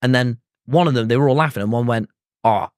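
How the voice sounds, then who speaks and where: A young British man co-hosting a podcast, telling stories with animated quoted voices. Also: mid-range voice, fast talker, smooth, dry recording, clean studio sound. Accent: British English. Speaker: podcast co-host. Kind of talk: casual podcast chat.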